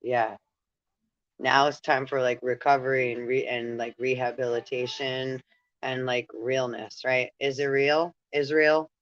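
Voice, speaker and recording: A man's voice: mid-range voice, flat delivery, unhurried, a bit bright, no room sound, dull audio. A man hosting a spiritual talk, meandering with restarts and frequent "right?" asides, breaking into laughter while relaying messages. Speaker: spiritual channel host. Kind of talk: rambling spiritual monologue.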